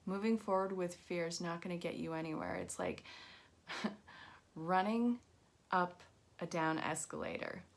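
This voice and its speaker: A woman's voice: fairly low pitch, lively intonation, a little slow. A woman giving a casual live-streamed card reading, chatty and reassuring as she talks straight to her viewers. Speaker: angel card reader.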